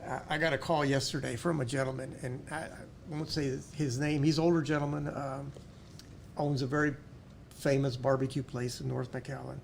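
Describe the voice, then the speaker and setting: A middle-aged man with a South Texas accent, a podcast guest who tells stories warmly, often restarting and repeating words. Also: medium pitch, level tone, normal speed, vocal fry, slight background noise. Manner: warm storytelling with many restarts and repeated words. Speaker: podcast guest, school board member. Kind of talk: casual interview storytelling.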